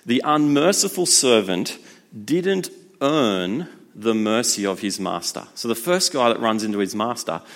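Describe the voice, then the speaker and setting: A man preaching a sermon in a conversational, lively way. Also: mid-range voice, a little slow. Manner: conversational, lively, acts out voices.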